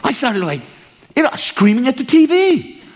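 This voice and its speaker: An older man from Maine preaching a storytelling sermon, animated and acting out the dialogue. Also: moderate pace. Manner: animated, acts out dialogue with big pitch swings.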